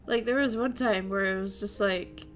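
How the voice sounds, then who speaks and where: A young woman streamer chatting casually with her viewers in an animated way and laughing often. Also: mid-range voice, moderate pace, soft background music. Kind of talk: casual chat while streaming.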